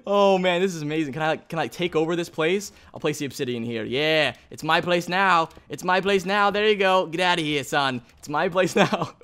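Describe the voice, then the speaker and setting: An excitable man with a fairly high voice narrates his game as he plays. He talks in a chatty, think-aloud way, hosting a let's play video. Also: normal speed, few pauses, smooth. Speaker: gaming video host.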